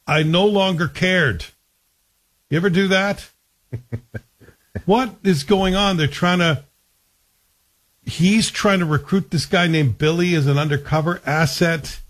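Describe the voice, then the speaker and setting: A man talking casually about a TV series in a chatty, wry way, asking rhetorical questions. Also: on the high side. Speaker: TV reviewer. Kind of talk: casual spoken TV review.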